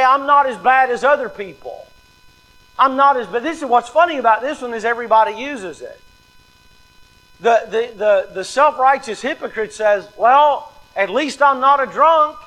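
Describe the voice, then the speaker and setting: High-voiced man preaching a sermon. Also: lively intonation, normal speed, fairly bright tone, rough recording. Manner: emphatic, repeats key lines, acts out quoted excuses. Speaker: pastor.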